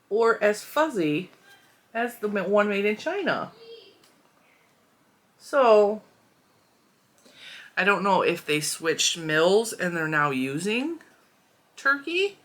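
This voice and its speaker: A woman's voice: medium pitch, a bit bright. A woman in her forties hosting a casual yarn review vlog, chatty and candid with a playfully blunt edge. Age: 40s.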